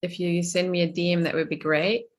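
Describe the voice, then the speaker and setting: A woman's voice: fairly low pitch, fairly even intonation, fairly quick. A middle-aged woman life coach running a live online coaching session over a video call, chatty and laughing often.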